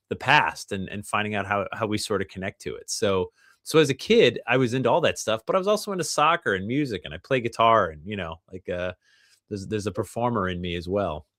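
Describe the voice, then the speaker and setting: A man's voice: on the low side, a bit bright, no echo, studio quality. A middle-aged man, a guest author, chatting casually on a podcast and often laughing as he talks.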